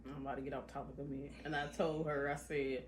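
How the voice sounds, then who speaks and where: A woman's voice: rumbling low, little pitch movement, quick pace, a little hiss or hum. A woman speaking candidly in a podcast conversation, outspoken and heartfelt, in a casual colloquial way.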